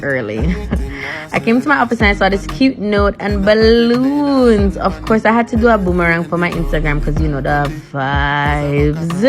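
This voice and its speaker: Bubbly woman vlogging over music. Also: lowish voice. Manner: bubbly, chatty. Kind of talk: upbeat day-in-my-life vlog.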